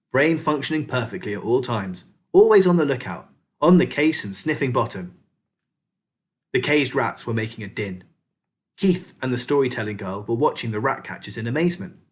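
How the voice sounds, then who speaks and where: A man reading a children's novel aloud as a teacher, expressive storyteller. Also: mid-range voice.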